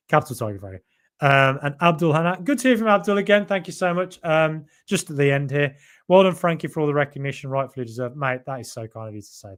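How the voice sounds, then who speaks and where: Chatty English podcast host, mildly Brummie. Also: male voice, medium pitch. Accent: mild Birmingham (Brummie). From England. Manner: chatty, many ums and restarts. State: voice going late at night. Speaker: podcast host reading live chat. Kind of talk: casual live-stream chat.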